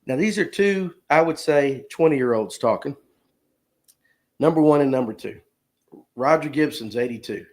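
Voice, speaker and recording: A man's voice: medium pitch, lively intonation, normal speed, long pauses, darkish tone. A man, hosting a casual live stream, joking and reading viewer comments aloud. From Georgia, US. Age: 50s. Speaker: livestream host.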